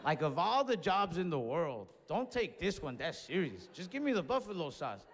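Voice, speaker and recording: A man with a fairly high voice tells a story at a moderate pace during a stand-up comedy set. He's animated and acts out both sides of the story, playing the other people in it. It's a live show with long hall reverb.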